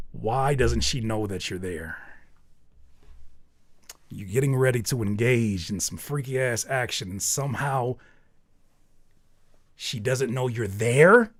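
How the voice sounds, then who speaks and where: A man hosts a music review livestream in a loose, casual commentary style. His feedback is blunt and full of slang and jokes, and he keeps jumping from a normal talking voice up to loud, excited shouts. The sound is dry and close, with no room echo. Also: mid-range voice, slow, pauses often. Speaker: host reviewing submitted music.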